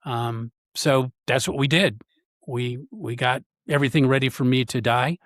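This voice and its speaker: A man, a podcast guest, telling a personal story in an earnest, halting way with frequent pauses. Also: mid-range voice, no echo, clean studio sound.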